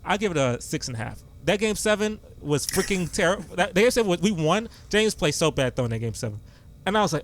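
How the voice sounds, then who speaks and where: A young man hosting a podcast, telling sports stories in an excitable, animated way. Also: a little high, quick pace. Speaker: podcast host. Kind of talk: casual sports chat.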